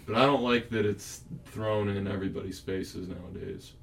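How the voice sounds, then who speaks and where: A blunt man with a fairly low voice, chatting casually and swearing freely. A faint low rumble sits behind him. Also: fairly even intonation, moderate pace, gravelly, fairly bright tone. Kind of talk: casual chat.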